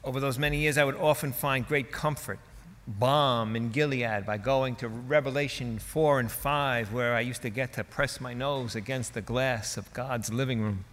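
A man's voice: medium pitch, fairly even intonation, moderate pace. Man preaching in a reverberant hall. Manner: dramatic, emphatic preaching with wide swings in loudness. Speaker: pastor. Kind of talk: sermon.

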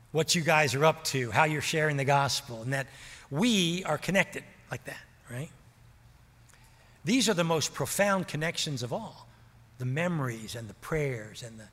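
A middle-aged man preaching a sermon as a pastor, telling a story in an earnest way and slowing down to stress key points. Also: medium pitch, a bit bright. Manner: earnest, slows down for emphasis. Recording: reverberant hall.

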